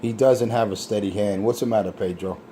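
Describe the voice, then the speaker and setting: A man's voice: lowish voice, steady tone, brisk, warm tone, slight background noise. A man in casual trash talk, scornful and ranting.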